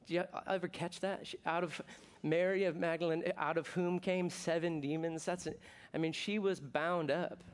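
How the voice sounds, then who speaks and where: A middle-aged man from the United States preaching a sermon as pastor, talking in a conversational, jokey way with bursts of excitement. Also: a little high, moderate pace, hardly any pauses, smooth.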